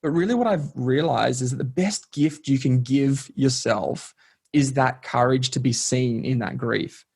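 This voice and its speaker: A man's voice: medium pitch, a little slow, gravelly, a little mellow, slightly rough. Earnest reflective man. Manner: reflective, earnest, lots of "like" and "kind of". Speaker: podcast guest. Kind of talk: casual conversation.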